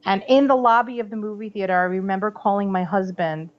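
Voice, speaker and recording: A woman in her thirties, a podcast guest telling a personal story in a chatty, animated way, full of "like" and "you know". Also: medium pitch, fast. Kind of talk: casual storytelling interview. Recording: slightly dull podcast audio.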